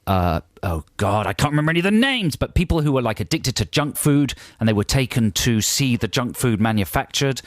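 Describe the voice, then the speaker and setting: A man's voice: medium pitch, fairly quick, few pauses, dry recording, clean studio sound. Wry man co-hosting radio. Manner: wry, rambling, deadpan jokes. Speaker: radio co-host. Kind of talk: comic radio banter. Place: radio studio. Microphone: studio microphone.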